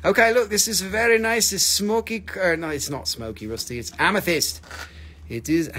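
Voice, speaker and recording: A man's voice: fairly high pitch, animated, unhurried, pauses often, pushed and bright. Joking, foul-mouthed man hosting a crystal sale. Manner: joking, teasing, swears freely. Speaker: host selling crystals on a livestream. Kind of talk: casual live sales chat.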